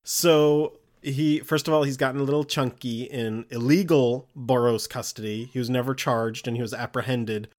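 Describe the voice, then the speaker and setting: Excitable, joking male podcast host. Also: mid-range voice, moderate pace, few pauses. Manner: excitable, joking, laughs often. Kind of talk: casual chat.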